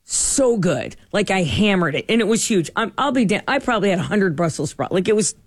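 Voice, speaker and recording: A middle-aged woman host in casual chat, telling stories in an animated way and acting out what people said. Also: mid-range voice, brisk, no room sound, studio quality. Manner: animated, acts out quoted dialogue.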